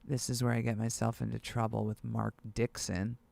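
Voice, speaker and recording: A music producer vlogger chats casually to camera while browsing gear listings, excitable and thinking out loud. His voice is medium-pitched and creaky, at a moderate pace, with no echo.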